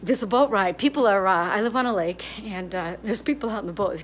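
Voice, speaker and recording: Talking fast with few pauses in a mid-range voice, an older woman vlogs casually about home repairs, rambling frankly as she walks between house, yard and garage with her phone held out in selfie mode.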